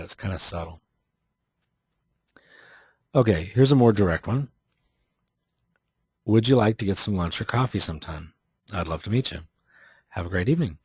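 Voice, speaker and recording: Man giving a chatty, low-voiced training talk. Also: a little mellow, dry recording, studio quality. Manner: conversational, many restarts and fillers, explains with examples. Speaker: real estate marketing trainer.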